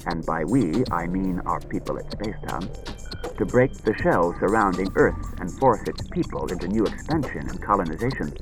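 A man voicing a calm, cold humanoid male robot, speaking in an even, patient and measured way. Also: sits low, music in the background, poor audio. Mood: explaining.

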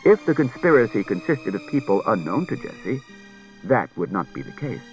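A man voicing a calm humanoid robot detective who reasons in a quiet, measured, unemotional way. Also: lowish voice, lo-fi sound, soft background music.

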